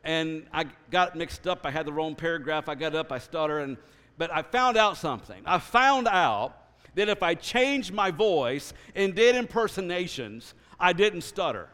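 A man sharing his personal testimony. He tells it earnestly and in an animated way, often restarting his sentences. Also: a little high, normal speed. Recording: reverberant hall.

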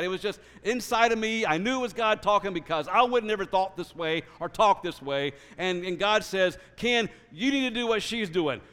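A man with a rather high voice tells his personal story of faith to a congregation. He speaks earnestly and animatedly, doubling back on his words. His voice carries a long reverb, as if in a large hall. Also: smooth. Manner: earnest, animated, with frequent restarts. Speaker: speaker sharing his testimony.

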